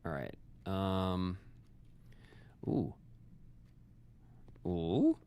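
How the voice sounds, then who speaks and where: Drawing out his words, a man with a low, warm, smooth voice and big pitch swings streams a puzzle game. He chats casually with his audience and himself, cracking jokes as he figures out clues in this live gameplay commentary.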